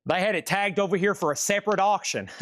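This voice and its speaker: A man hosting a live-streamed record auction, calling bids and sales in a fast, chatty, upbeat patter. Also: high voice, a bit bright, no room sound, studio quality.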